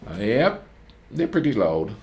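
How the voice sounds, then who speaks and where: A man with a mid-range, very animated voice speaks at a measured pace over crowd noise. He hosts a reaction video, casually telling rambling anecdotes and often asking "you know what I mean?" He calls himself a quiet talker, and the talk is casual storytelling commentary.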